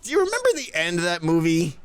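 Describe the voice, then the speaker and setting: A man's voice: sits high, wildly swooping pitch, quick pace, slight background noise. A man streaming live, rambling and laughing as he thanks viewers in a flustered, casual chat.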